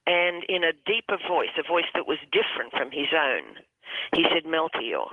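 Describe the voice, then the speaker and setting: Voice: mid-range voice, expressive, noisy background. Caller on a tinny phone line. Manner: halting, with many restarts and repeated words. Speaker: hypnotherapist guest. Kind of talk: storytelling on a radio call-in. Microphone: telephone.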